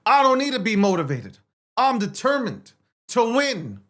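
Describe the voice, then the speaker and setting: A man's voice: extremely high pitch, huge pitch swings, normal speed, fairly bright tone. A man hosting a livestream, talking in an intense, profane and repetitive rant. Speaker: livestream host. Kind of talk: ranting livestream monologue.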